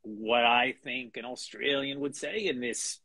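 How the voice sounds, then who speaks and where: A middle-aged man with a husky, slightly breathy voice talks as an interview guest. His speech is halting, full of restarts and fillers, with the odd chuckle. The sound is close and dry, with no room echo. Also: medium pitch, bright, forceful tone. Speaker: guest, animation writer. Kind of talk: casual interview chat.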